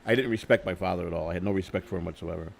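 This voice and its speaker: A middle-aged interview guest tells candid stories at a very fast clip in a low voice with vocal fry. He swears freely, repeats and restarts his words, and gets louder when retelling arguments.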